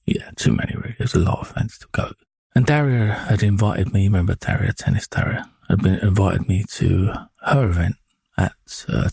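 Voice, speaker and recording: Husky low-voiced man telling stories. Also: dark tone. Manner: candid, rambling, swears casually. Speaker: narrator of own experiences. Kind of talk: casual storytelling narration.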